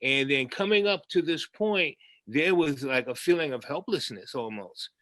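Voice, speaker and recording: Emphatic man with a bright, dry voice. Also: on the high side, expressive, moderate pace, no room sound. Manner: emphatic, frustrated. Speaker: panelist. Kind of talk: panel discussion.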